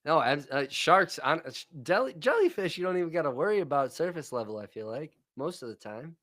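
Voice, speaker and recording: A man's voice: on the high side, animated, brisk, fairly bright tone. A young man co-hosting a podcast in casual chat, laid-back and crude, telling stories between laughs. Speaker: podcast co-host.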